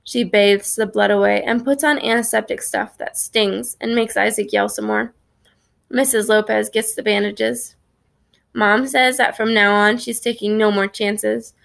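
A woman's voice: mid-range voice, steady tone, a little slow, creaky, fairly bright tone. A woman narrating a children's story in the first person, reading expressively. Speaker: audiobook narrator.

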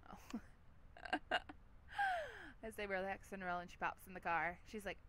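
A woman's voice: mid-range voice, huge pitch swings, slow pace, long pauses, a bit bright, a little hiss or hum. A woman hosting a let's play, giving chatty, giggly gameplay commentary with a lot of "like".

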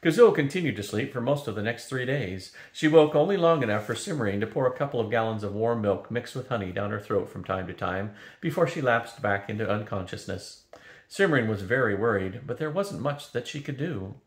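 An older man reading a fantasy novel aloud, steady and unhurried. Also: medium pitch. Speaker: storyteller. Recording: roomy echo.

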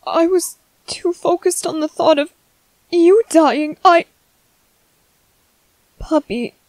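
A woman voicing a tender young man comforting his partner in a whispered role-play, speaking softly, slowly and reassuringly. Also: very high-pitched, no room sound, poor audio. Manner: soft, slow, reassuring.

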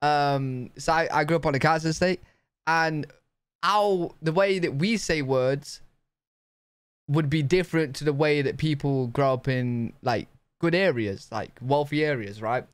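A British man reacting to a video in a chatty, off-the-cuff way, thinking aloud with plenty of fillers and laughs. His voice sits a little high and sounds smooth and resonant. The recording is dry and close. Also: unhurried, dry recording. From United Kingdom. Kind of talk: casual reaction commentary.

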